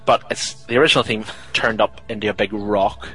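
A man with a low voice co-hosts a podcast, chatting loosely about a film. He rambles with lots of fillers and sighs in mock exasperation, while faint music plays behind him. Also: fairly even intonation, fairly quick, bright, forceful tone, husky, low-quality recording. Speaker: podcast co-host. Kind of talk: casual chat reviewing a film.

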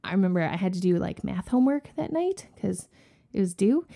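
A woman in her forties, a podcast cohost, telling a story in a casual, animated way and acting out what people said. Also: medium pitch, fairly quick, vocal fry. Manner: animated, acts out quoted voices with gasps.

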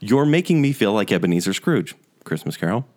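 A man's voice: on the low side, sing-song, brisk, a little mellow. A man co-hosting a podcast, making playful arguments and laughing at his own points. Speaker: podcast co-host. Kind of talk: casual debate chat.

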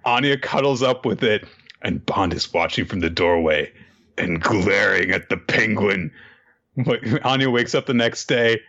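A man co-hosting a casual chat, laughing often and acting out characters in high voices. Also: measured pace, fairly bright tone, highs cut off. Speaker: podcast co-host. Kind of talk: casual chat recapping manga.

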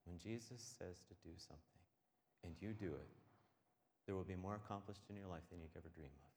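A man preaching a sermon with a lowish voice. He moves between hushed stretches and loud, passionate ones. A long reverb from a large hall trails his words. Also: a little fast. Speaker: pastor. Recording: echoey hall.

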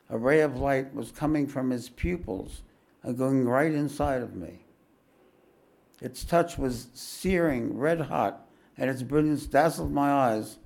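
A man with a gravelly, creaky edge to his voice reads a spiritual memoir aloud at a mid pitch. He keeps a measured, unhurried delivery. Between passages he adds calm explanatory asides in the manner of a teacher addressing his students. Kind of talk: reading a spiritual autobiography aloud with commentary.

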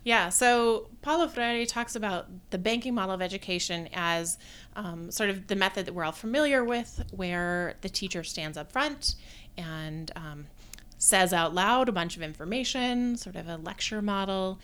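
A woman professor speaking as a guest in a podcast interview, talking in a thoughtful, measured way with frequent pauses to gather her thoughts. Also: mid-range voice, fairly bright tone, smooth. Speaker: guest, theatre design professor.

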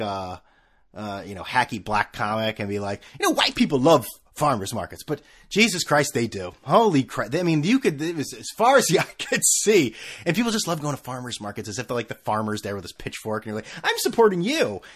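In this comedic storytelling bit, a man hosting a podcast speaks briskly in a mid-range, somewhat bright voice with big pitch swings, rambling through a story at his own expense and making many restarts.

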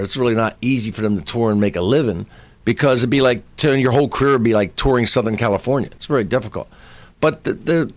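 A man who is a stand-up comedian, telling a story in casual chat, acting out the people in it and shouting some of their lines. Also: mid-range voice, dry recording. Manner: animated storyteller who acts out voices, shouting in bits.

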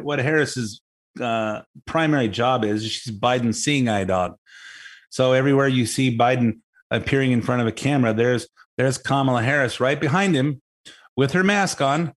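A man with a mid-range voice hosts a talk show, delivering an opinionated commentary monologue. His tone is sarcastic and mocking, and he rambles with many restarts.

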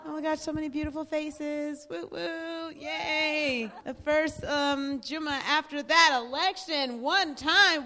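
A woman's voice: sits high, steady tone, takes it slowly, few pauses, pushed and bright. A woman moderating a group discussion, exuberant and cheering, laughing as she talks. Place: mosque prayer hall. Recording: long hall reverb.

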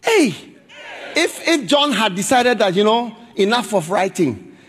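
A man preaching a sermon in an animated, pleading way, often breaking into shouts. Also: high voice, unhurried, husky. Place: large church hall with congregation. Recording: church hall reverb, live crowd.

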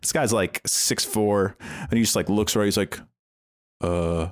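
A middle-aged man, co-hosting a casual podcast and telling a story with lots of swearing and acted-out shouting. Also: lowish voice, normal speed. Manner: animated storyteller, swears freely, acts out shouting fans. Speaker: podcast co-host.

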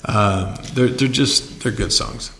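Gravelly low-voiced man, easygoing co-host. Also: bright, forceful tone. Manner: easygoing, halting, many fillers. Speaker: children's ministry co-host. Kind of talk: casual podcast chat.

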